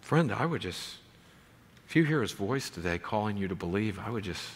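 A man's voice: on the low side, animated, normal speed, a little hiss or hum. A man pastor preaching a sermon in a church, reading scripture aloud with earnest emphasis. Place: church sanctuary. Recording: long reverb of a church hall.

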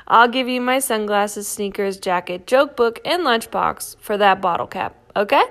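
A woman's voice: mid-range voice, lively intonation, moderate pace, fairly bright tone. A woman reading a storybook aloud, voicing a serious, fussy young male puppet friend in a raised, earnest voice.

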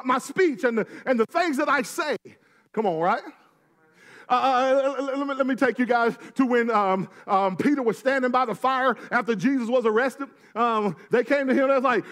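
A male pastor with a strikingly high voice delivers a sermon. He keeps prodding his congregation with quick tags and answers, and breaks the flow with joking asides. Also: fairly bright tone. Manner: punctuates with call-and-response tags to the congregation.

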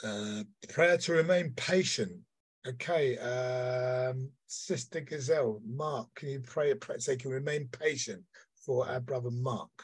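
A man's voice: mid-range voice, a little slow, breathy edge. A man leading an online prayer meeting, praying fervently and calling on others to pray. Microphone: video call.

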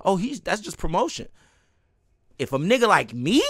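A man's voice: sits high, huge pitch swings, moderate pace, a bit bright, husky, dry recording, clean studio sound. A young man giving an angry, profane reaction rant as a commentary YouTuber, breaking into laughter between lines.

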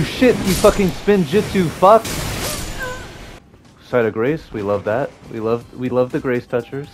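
A young man commenting casually on his gameplay, cursing and joking in quick outbursts over game music. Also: medium pitch. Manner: profane, jokey, quick outbursts. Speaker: gaming YouTuber.

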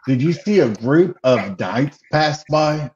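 A man playing in a tabletop game, speaking haltingly and repeating words as he starts. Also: a little high, expressive, a little mellow, muffled recording. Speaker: player.

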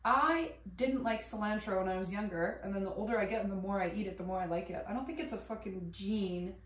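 A woman chatting while she cooks at home, rambling and excitable, swearing casually and laughing as she goes. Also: medium pitch, quick pace. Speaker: vlogger. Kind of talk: casual cooking vlog chat. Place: home kitchen. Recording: echoey room, voice a bit far from mic.

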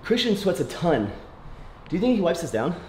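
A man's voice: sits high, very animated, a little fast, a little hiss or hum. A man in his twenties chatting casually and upbeat to his viewers as a fitness vlogger. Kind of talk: casual vlog chat.

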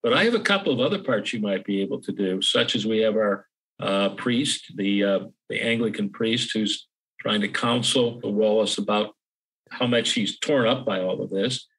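An older man, an author guest, talking in a relaxed interview with frequent pauses and a self-deprecating humor. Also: fairly low pitch, husky, low-quality recording. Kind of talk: casual interview chat.

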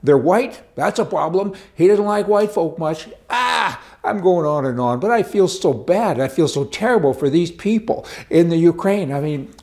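A man's voice: fairly high pitch, lively intonation, moderate pace, few pauses, a little mellow. A middle-aged Canadian man delivering an indignant, rambling opinion monologue as a commentary host, stumbling and repeating himself.

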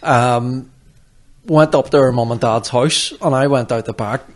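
A man's voice: medium pitch, unhurried. A Belfast man in his forties telling sweary, laughing anecdotes in casual chat. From Northern Ireland.

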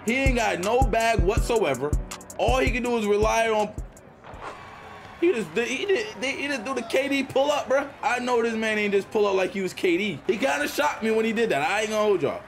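A man's voice: sits high, animated, a little fast, faint music behind. Hyped young man trash-talking over gameplay. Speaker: gaming YouTuber. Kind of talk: casual gameplay commentary.

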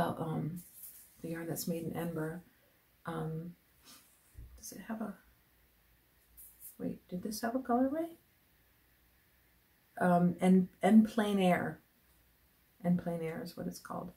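A woman vlogger chatting casually as she unboxes gifts on camera, gushing and often dropping into breathy whispers of delight, rambling with restarts. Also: lowish voice, dark tone. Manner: rambling with many restarts and fillers. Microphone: camera mic.

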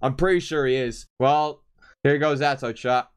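A man's voice: medium pitch, moderate pace, clean tone. A young man streaming a football game live, talking to his chat with theatrical, repetitive despair and swearing. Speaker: gaming streamer.

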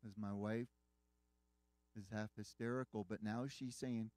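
A man's voice: fairly low pitch, steady tone, a little slow, long pauses, darkish tone, no echo. A man preaching a sermon, earnestly retelling a dramatic story with quoted dialogue.

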